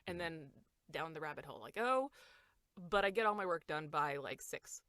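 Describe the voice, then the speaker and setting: A woman voice actor in a casual podcast chat, talking fast and laughing often as she acts out quotes. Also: deep voice, lively intonation, a bit bright, dry recording, clean studio sound. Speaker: voice actor guest.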